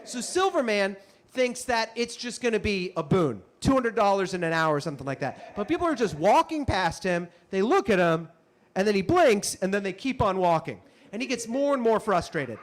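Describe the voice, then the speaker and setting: Animated high-voiced male storyteller. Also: moderate pace. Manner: animated, punchy, frequent asides. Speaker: comedian and storyteller. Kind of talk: stand-up storytelling.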